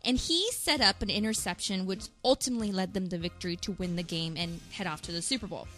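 Bright-voiced chatty woman. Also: medium pitch, fast talker, soft background music. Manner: chatty, storytelling. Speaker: co-host. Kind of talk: casual chat show.

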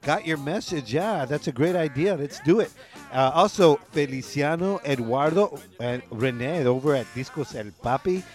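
A middle-aged man co-hosting a radio show, laid-back and laughing often, dropping Spanish phrases into casual shout-outs. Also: fairly high pitch, lively intonation, moderate pace, faint music behind.

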